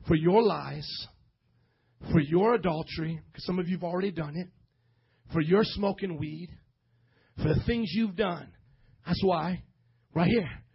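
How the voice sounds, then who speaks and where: A man pastor preaching a sermon, calling out to his congregation and building to shouts. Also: extremely high pitch, breathy edge, lo-fi sound. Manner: preaching with rising shouts and audience call-and-response.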